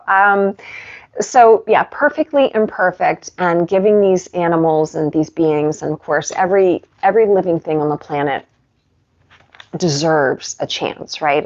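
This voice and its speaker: A woman's voice: fairly low pitch, lo-fi sound. A woman yoga instructor chatting casually on a live stream from her living room and reading from her book. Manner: chatty and warm with pets, laughs often.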